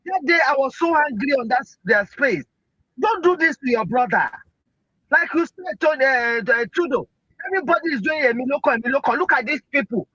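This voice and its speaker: A Nigerian man pours out heated political talk in a very high, sharp voice with a husky edge. He drives each point home with rhetorical questions. The sound is dull and lo-fi, as from an online audio stream. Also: no room sound. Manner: impassioned, rhetorical, keeps asking "Eh?". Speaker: speaker in an online audio room.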